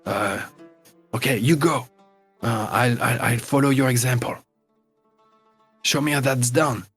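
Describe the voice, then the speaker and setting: A man narrating as game master, halting and full of fillers. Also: mid-range voice, a bit bright, slightly rough, no echo, faint music behind.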